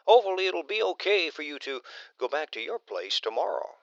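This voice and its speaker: A man voicing a smooth, coaxing male friend with a gravelly, reassuring manner. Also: a little high, very animated, brisk, dry recording, dull audio, voice pushed up.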